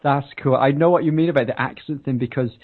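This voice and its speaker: A man from Wales with a softened Welsh accent, hosting a radio show and speaking in an effusive way, laughing often. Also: mid-range voice, quick pace, slightly rough. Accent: Welsh softened toward English. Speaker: radio host. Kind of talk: radio interview chat. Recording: tinny phone-like radio sound.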